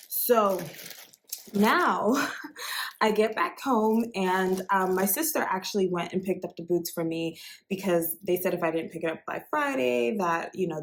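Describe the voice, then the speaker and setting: A woman chatting through a casual storytelling unboxing vlog in an excitable, conversational way. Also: on the low side, a little hiss or hum. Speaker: fashion vlogger.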